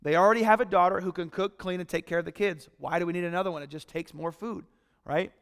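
A pastor preaching a sermon in a conversational way, retelling a story and acting out the voices of the people in it. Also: male voice, high voice, fairly even intonation, fast, a bit bright, clear, resonant tone, in a large hall.

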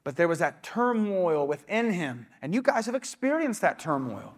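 Young man preaching, casual conversational sermon, a bit high-pitched, church sanctuary. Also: sing-song, normal speed. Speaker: pastor.

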